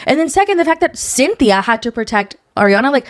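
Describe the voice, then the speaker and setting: A woman's voice: high-pitched, big pitch swings, fast talker, no room sound, studio quality. A young woman co-hosting a podcast, chatting casually and animatedly, swearing freely as she dishes gossip. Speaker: podcast co-host. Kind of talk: casual chat.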